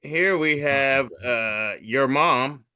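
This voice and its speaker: A man's voice: medium pitch, extremely slow, pushed and bright, smooth. A man who does comedy, hosting a podcast and reading memes aloud in a loose, profane, jokey way. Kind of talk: casual comedic meme reading.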